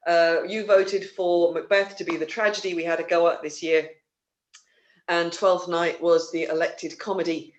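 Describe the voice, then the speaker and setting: Over a muffled video call, a man with a high voice hosts an online theatre livestream for his company. His casual announcements ramble along, full of fillers and restarts.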